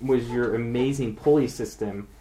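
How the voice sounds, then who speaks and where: Excited man with chatter behind. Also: medium pitch, moderate pace, poor audio. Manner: excited, laughing along. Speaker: tabletop game player. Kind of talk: casual banter.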